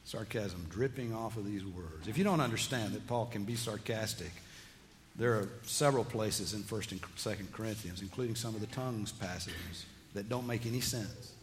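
A man's voice: on the low side, normal speed, a little hiss or hum. A man preaching a sermon, reading scripture aloud and explaining it with rising emphasis. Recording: long hall reverb, faint ambience.

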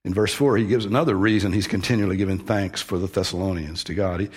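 Husky-voiced man teaching a sermon. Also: low-pitched, fairly even intonation, fast talker. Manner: conversational teaching with frequent restarts, stressing key words. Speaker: pastor.

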